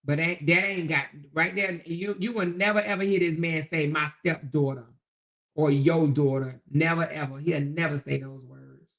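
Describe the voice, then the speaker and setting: Gravelly-voiced woman hosting a folksy livestream. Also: low-pitched, normal speed. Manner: folksy, calls listeners baby and honey, chuckles often. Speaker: livestream host. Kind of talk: casual livestream chat reading viewer comments.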